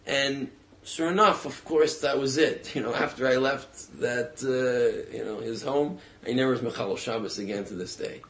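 Man, mid-pitched storyteller; loose, conversational retelling with frequent restarts and fillers. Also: fairly bright tone. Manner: casual, halting, with many fillers and restarts.

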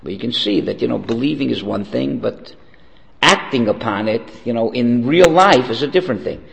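In a big hall, a man with a creaky mid-range voice gives an animated Torah lecture at a moderate pace, recorded roughly. He talks casually, asks rhetorical "okay?" questions, and includes a story and a joke.

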